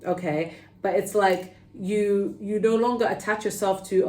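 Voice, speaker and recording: A woman with a London accent giving a casual pick-a-card tarot reading, chatty and animated, often checking in with "okay?". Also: on the low side, normal speed. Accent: London English. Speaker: tarot reader. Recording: roomy echo.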